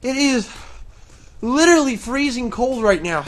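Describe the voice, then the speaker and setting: A man vlogging outdoors in a snowstorm, excitable and rambling, out of breath, talking into a handheld camera mic. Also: very high-pitched, measured pace.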